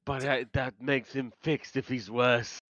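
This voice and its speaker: A man's voice: mid-range voice, little pitch movement, a little slow, a bit bright, no echo, dull audio. A man co-hosting a podcast, recapping a TV episode in casual chat. He makes wry jokes and laughs along. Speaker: podcast co-host.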